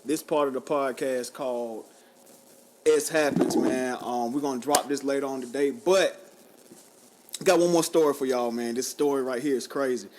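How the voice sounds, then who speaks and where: A man's voice: mid-range voice, moderate pace, background noise. A man co-hosting a podcast in casual chat, mostly giving short reactions before introducing a segment. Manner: brief backchannel reactions. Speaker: podcast co-host.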